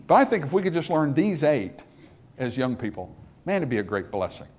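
A man's voice: fairly high pitch, very animated, brisk. An older man preaching a sermon as pastor, emphatic and repetitive, driving points home with rhetorical questions.

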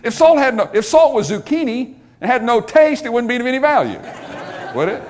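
A middle-aged male pastor delivering a sermon in a high, lively voice that rises and falls constantly. He mixes folksy jokes aimed at the congregation with loud, emphatic declarations, then drops back to quiet asides. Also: brisk. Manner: swings from soft asides to loud emphatic points.

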